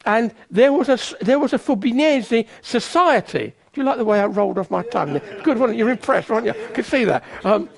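Lively high-voiced preacher. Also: male voice, quick pace, vocal fry, few pauses, slightly rough. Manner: conversational, self-mocking, teasing asides. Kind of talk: sermon.

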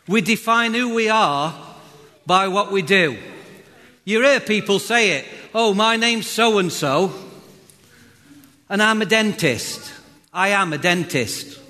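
A man's voice: sits high, pushed and bright. A man preaching a sermon as pastor, chatty and joking with the congregation. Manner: chatty, jokey, talks straight to the congregation. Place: church hall. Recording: reverberant hall.

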